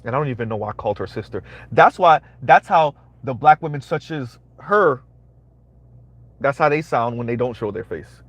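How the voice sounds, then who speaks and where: A man's voice: medium pitch, animated, normal speed, fairly bright tone, no room sound, dull audio. A man hosting a live-streamed commentary, talking emphatically, repeating his phrases and asking "right?" again and again. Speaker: commentary channel host.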